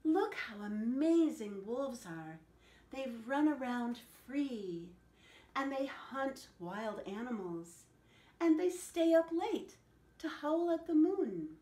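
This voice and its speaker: A woman's voice: high-pitched, very animated, slow, mellow, heavily acted. A woman voicing a young male pet dog who longs to be wild, in a storybook read-aloud, eager and wistful. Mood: wistful, excited. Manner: eager, wistful, breathless when scared. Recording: echoey room.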